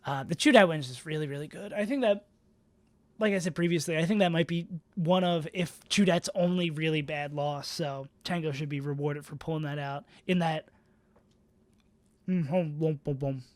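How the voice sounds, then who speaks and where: A man's voice: a little high, brisk, dry recording. A man streaming live, casually talking through player rankings in a rambling, self-mocking way. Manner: rambling, self-mocking, many fillers and restarts.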